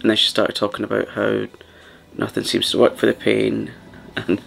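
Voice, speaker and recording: Gravelly soft-spoken man, rambling ASMR chat. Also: on the low side, steady tone, moderate pace. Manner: rambling, soft, partly whispered. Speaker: ASMR channel host.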